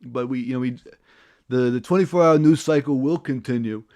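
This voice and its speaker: A man hosting a livestream, delivering a satirical in-character political rant. He rambles, keeps cutting himself off, and flares into loud indignation. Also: medium pitch, a little fast. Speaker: livestream host.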